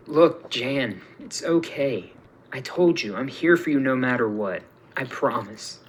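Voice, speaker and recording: A man's voice: medium pitch, lively intonation, unhurried, a little hiss or hum, natural voice, low-quality recording. Man voicing a firm reassuring commander, story read-through. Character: steady protective woman commander.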